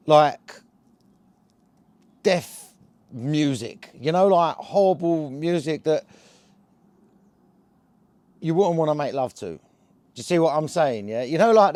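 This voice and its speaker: A cannabis vlogger rambles casually to camera, his slangy, chatty speech full of fillers and quick "yeah?" tag questions. His voice is a little high for a man and darkish in tone, recorded very dry on a close mic with no echo.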